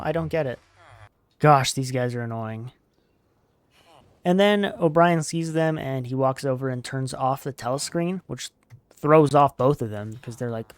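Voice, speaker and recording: A man's voice: medium pitch, unhurried, smooth, no room sound. A young man hosting a gaming channel, rambling casually with lots of fillers as he plays and sums up a book. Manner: rambling, relaxed, many "like" fillers. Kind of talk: casual gameplay commentary and book summary.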